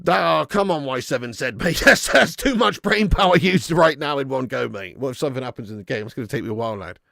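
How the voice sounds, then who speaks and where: Gravelly chatty football watch-along host. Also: male voice, mid-range voice, lively intonation, quick pace, bright, forceful tone, no room sound, clean studio sound. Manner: chatty, reads out viewer messages, laughs often. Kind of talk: casual live match commentary.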